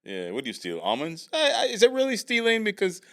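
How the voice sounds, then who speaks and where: A man's voice: high-pitched, huge pitch swings, a little fast, fairly bright tone. A man co-hosts a podcast in loose banter, with his voice sitting a little above average. His intonation swings widely. He laughs a lot and keeps tossing in joking asides. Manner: laughs often, jokey interjections. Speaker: podcast co-host. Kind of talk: casual banter.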